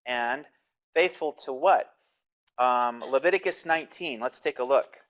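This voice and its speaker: A man's voice: medium pitch, measured pace, a bit bright, lo-fi sound. A man giving a recorded Bible lecture, reading passages aloud and explaining them with frequent fillers and restarts. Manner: reads scripture aloud, then explains it with many fillers and restarts.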